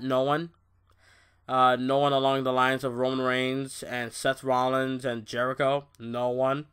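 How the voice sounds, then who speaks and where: Young male reviewer, slow-talking, angry, profane rant, loud-to-muttered swings. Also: medium pitch, smooth. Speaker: wrestling show reviewer. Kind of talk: ranting show review.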